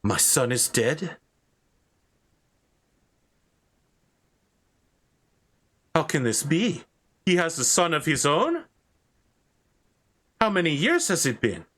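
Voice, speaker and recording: A man's voice: medium pitch, sing-song, slow pace, fairly bright tone. A man voicing a proud, stern middle-aged knight who speaks in formal, old-fashioned phrases. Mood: shocked.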